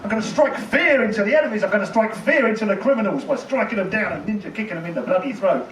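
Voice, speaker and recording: A man's voice: high voice, expressive, fast, a bit bright, a little hiss or hum. A man voicing an earnest, self-important young male hero in an eager, insistent manner, recorded from a distance in an echoey tent.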